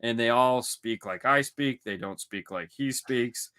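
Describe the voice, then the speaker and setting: A man's voice: mid-range voice, measured pace, sharp tone. A man from Michigan, co-hosting a podcast in casual, rambling, joking chat. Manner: joking, rambling, with mock voices. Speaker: podcast co-host.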